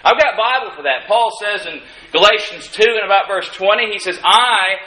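Pastor, male, high bright voice, folksy sermon style with wry asides, roomy church sound. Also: fairly quick. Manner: folksy preaching with dry humorous asides; rises in emphasis on key lines. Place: church sanctuary. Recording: echoey room. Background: congregation calling out amens.

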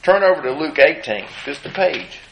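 A man's voice: fairly high pitch, expressive, moderate pace, background noise. A male preacher giving an emphatic sermon and reading scripture aloud. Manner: emphatic, reads scripture in old-fashioned phrasing. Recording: echoey room.

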